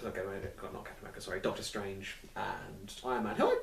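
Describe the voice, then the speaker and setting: A man's voice: fairly low pitch, very animated, fast, vocal fry. Man reviewing a film in loose chat, roomy sound, mic set back from him. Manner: rambling, swears casually, acts out quotes. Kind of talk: casual chat. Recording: echoey room, mic at a distance, faint noise.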